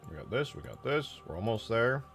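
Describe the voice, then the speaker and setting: A man's voice: medium pitch, big pitch swings, a little fast, gravelly, fairly bright tone, faint music behind. A young man streaming while he mods a game, casually ranting and swearing as he talks to his chat.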